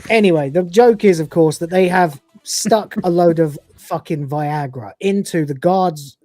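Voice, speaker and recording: A man's voice: on the high side, measured pace, darkish tone, no room sound, soft background music. Crude, laughing man in his forties. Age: 40s. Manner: crude, swearing, laughing often. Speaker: podcast co-host reviewing episodes. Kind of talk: casual live review chat.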